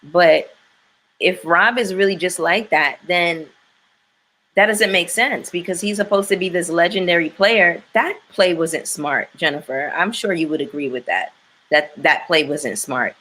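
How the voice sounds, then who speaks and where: A woman's voice: lowish voice, measured pace, a bit bright, slight background noise. A woman hosting a casual chat with her viewers, blunt and opinionated, swearing freely as she reacts to a reality show.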